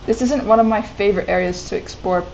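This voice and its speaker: A young woman streaming a fantasy game, chatting excitably and giggling to her viewers. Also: medium pitch, quick pace, creaky, highs cut off, a little hiss or hum. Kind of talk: casual gameplay commentary. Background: game music.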